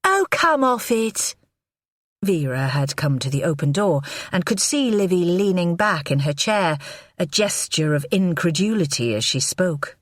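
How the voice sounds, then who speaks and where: A woman narrating a crime novel audiobook in a measured, expressive read on a close mic. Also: fairly low pitch, no echo.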